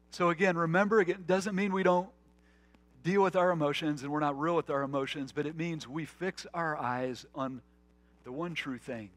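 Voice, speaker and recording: A male pastor preaching a conversational sermon, telling stories earnestly, restarting phrases, and slowing to a soft voice on key points. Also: a little high, no echo. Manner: earnest, storytelling, with frequent restarts.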